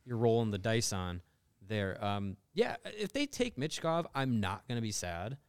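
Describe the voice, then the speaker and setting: Lowish smooth-voiced guy on a sports podcast, agreeable, keeps restarting his sentences. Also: big pitch swings, moderate pace. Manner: agreeable, hesitant, lots of restarts and yeahs. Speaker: podcast co-host. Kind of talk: casual sports podcast chat.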